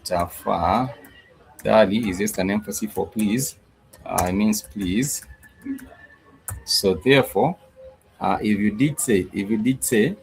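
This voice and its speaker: A man teaching a language lesson in a slow, repetitive way, with many fillers and pauses. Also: fairly low pitch, darkish tone, poor audio. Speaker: Swahili teacher.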